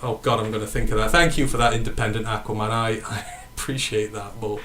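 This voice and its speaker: A man's voice: fairly low pitch, fairly even intonation, quick pace, sharp tone, slight background noise. A man with a northern English accent hosting a casual sports podcast, rambling and correcting himself as he answers live chat questions. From northern England. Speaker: podcast host.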